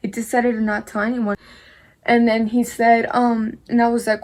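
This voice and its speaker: A woman's voice: fairly high pitch, little pitch movement, moderate pace, darkish tone. A young woman vlogger telling a rambling story in a casual chat while doing her makeup, full of "like" and mild swearing.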